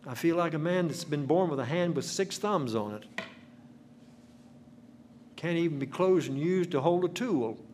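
Older guy preaching, folksy stories, drawn-out emphatic phrases. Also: fairly high pitch, animated, darkish tone, slight background noise. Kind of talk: sermon.

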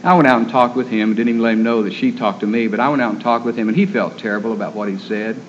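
A man preaching a sermon in an earnest, gentle storytelling manner. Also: lowish voice, steady tone, very fast, a little hiss or hum. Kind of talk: sermon on caring for the terminally ill. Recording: dull lo-fi recording.

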